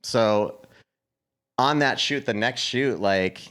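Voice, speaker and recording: A man in his thirties with a North Dakota accent, telling stories as a podcast guest in a relaxed, chatty way full of fillers and restarts. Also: mid-range voice, takes it slowly, smooth. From Upper Midwest US. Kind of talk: casual storytelling.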